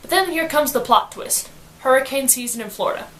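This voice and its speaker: A woman giving a casual book summary in slangy, animated storytelling, acting out quotes as she goes. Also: sits high, brisk. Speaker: student reviewer.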